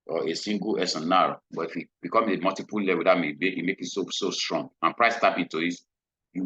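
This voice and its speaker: A man's voice: low-pitched, pushed and bright, husky, no room sound. A man giving a screen-share trading lesson, repeating his points and often checking in with "hmm?". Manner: repetitive, checks in with frequent "hmm?". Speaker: trading instructor. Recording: dull lo-fi recording.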